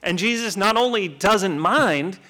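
A man teaching from scripture in a lively, conversational way, often tossing out rhetorical questions. His voice is bright and forward, pitched a little above the usual man's. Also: measured pace. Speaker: Bible teacher. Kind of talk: Bible teaching talk.

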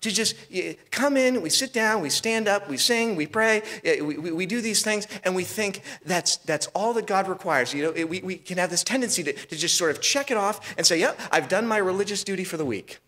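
A man's voice: high voice, animated, moderate pace, hardly any pauses, sharp tone. A man preaching a sermon as pastor, asking rhetorical questions and restarting phrases as he goes.

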